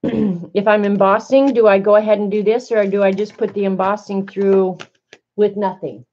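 A woman's voice: mid-range voice, level tone, normal speed, mellow, highs cut off. A woman demonstrating a die-cutting and embossing machine to viewers, chatty and flustered as she thinks aloud. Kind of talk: casual craft demonstration to viewers.

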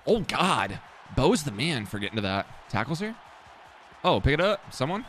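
A young man with a bright, forceful voice talks through a video game match live. He mutters the same phrase again and again, swears freely, and now and then jumps into yelling. Faint game music plays behind him. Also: mid-range voice, sing-song, moderate pace. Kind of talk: live gameplay commentary.

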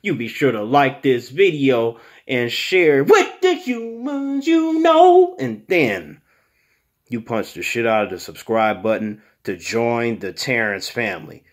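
A man's voice: medium pitch, big pitch swings, takes it slowly. A man playing a swaggering, crude male mutant monster who calls people "human", telling a comedic story in the third person. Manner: boastful, profane, talks about himself in third person. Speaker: channel host.

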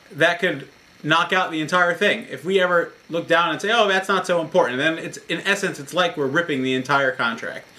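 A man's voice: on the high side, pushed and bright. A man, a rabbi, giving a short Torah talk in an earnest, explanatory storytelling manner.

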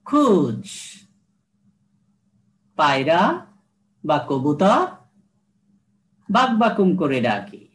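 A man who speaks Bengali natively, teaching an English lesson. He drills words, repeats them, translates each line and keeps calling the listener "my dear student". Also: on the high side. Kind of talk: recorded classroom lesson.

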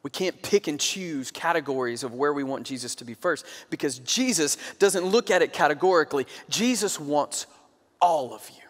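A man in his thirties delivers a sermon in a relaxed, storytelling way and often drops to a hushed voice to drive a point home. His voice sits fairly high for a man. The room gives it a long, lingering reverb. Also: normal speed. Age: 30s. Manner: conversational storytelling, dips to quiet emphasis. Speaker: pastor.

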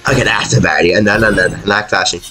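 A man's voice: lowish voice, quick pace. A young man giving live commentary on his own gameplay, frantic and pleading, often mocking himself. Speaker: gaming YouTuber. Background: game music.

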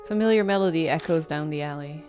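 A woman's voice: low-pitched, fast. A woman streamer reading a visual novel aloud and chatting casually with laughs between the lines. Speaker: let's play streamer. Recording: game music playing behind.

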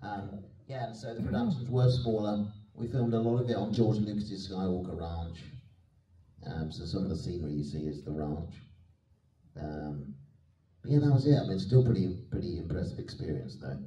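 Male panel guest, low pitch, mellow tone, easygoing storyteller; roomy hall sound, distant mic. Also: normal speed. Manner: chatty, self-deprecating, laughs often. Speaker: guest actor on a convention panel. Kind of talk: anecdotal panel Q&A. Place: convention hall.

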